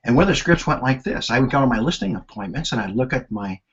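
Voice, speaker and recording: An older man in his sixties leads a sales and marketing lesson with a husky, slightly rough voice. His delivery is lively and anecdotal, rising and falling as he tells stories. The sound is dull and lo-fi, like webinar audio. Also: medium pitch, quick pace. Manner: animated, anecdotal storyteller. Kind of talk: storytelling lesson.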